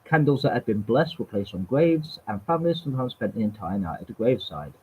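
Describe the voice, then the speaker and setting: A man's voice: mid-range voice, sing-song, fast talker, slight background noise. A man reading history aloud from webpages, stumbling and repeating words, with wry casual asides. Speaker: channel host. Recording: tinny phone-like sound.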